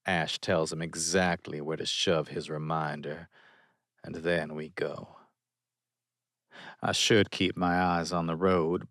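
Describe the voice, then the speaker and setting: A man narrating a romance audiobook in the first person, measured and steady. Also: deep voice, no echo, clean studio sound.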